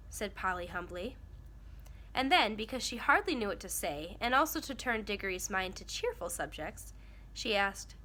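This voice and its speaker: Bright-voiced woman reading a storybook. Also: mid-range voice, lively intonation, normal speed. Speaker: storybook reader. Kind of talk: reading a children's novel aloud.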